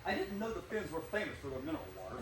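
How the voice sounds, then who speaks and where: A man's voice: on the high side, animated, racing, a bit bright. Roger, a man playing a vain, jittery stage actor. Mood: anxious, grandiose. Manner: grand theatrical declaiming, swinging to nervous gloom. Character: vain, anxious, self-doubting male stage actor. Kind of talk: live stage play acting. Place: theater stage. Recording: echoey stage, distant mic, faint hiss.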